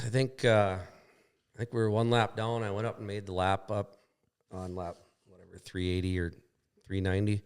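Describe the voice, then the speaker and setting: A man's voice: lowish voice, level tone, moderate pace, clean tone. A man telling a long crash story on a podcast, rambling and profane, acting out what people said. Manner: rambling, profane, acts out quoted dialogue. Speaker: podcast guest. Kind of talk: casual storytelling. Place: shop.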